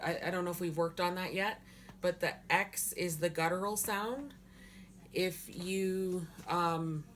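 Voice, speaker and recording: A woman's voice: lowish voice, a bit bright, a little hiss or hum. A woman teaching a language lesson, sounding words out syllable by syllable with patient explanations. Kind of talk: slow pronunciation lesson.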